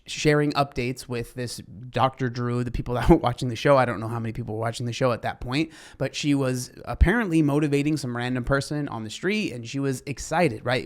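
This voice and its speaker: A young man hosting a casual commentary, talking in a rambling way with many fillers and restarts. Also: medium pitch. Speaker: commentary host.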